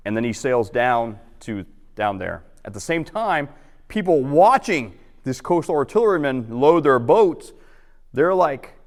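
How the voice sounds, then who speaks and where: A man giving an informal history talk to a roundtable audience, chatty and acting out quotes in lively voices. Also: mid-range voice, measured pace, in a large hall. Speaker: guest historian. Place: lecture hall.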